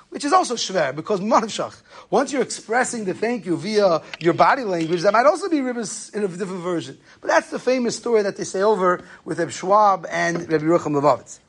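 A man giving a Torah class on Jewish law, telling stories in a lively way and mixing in Hebrew and Yiddish terms. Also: high-pitched. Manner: animated storytelling, Yeshiva-style Hebrew and Yiddish terms. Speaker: rabbi lecturer.

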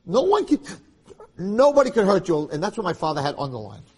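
Male rabbi, husky voice, very lively pitch, dramatic shifts from quiet to loud. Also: brisk. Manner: animated, swings between hushed and loud passionate emphasis. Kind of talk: Torah lecture.

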